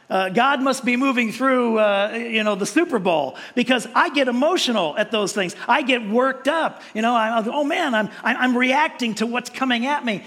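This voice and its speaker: A man's voice: sits high, fairly bright tone, long reverb tail. A male pastor preaching a sermon in a conversational way, with frequent restarts and playful mimicked voices.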